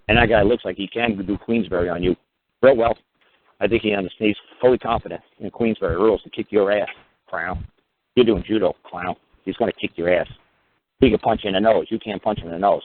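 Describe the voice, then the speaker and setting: A man telling courtroom stories in a casual radio monologue, swearing freely and acting out both sides of each exchange. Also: on the low side. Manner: profane, animated storytelling, acting out court exchanges. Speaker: radio talk show host. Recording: tinny phone-line radio audio.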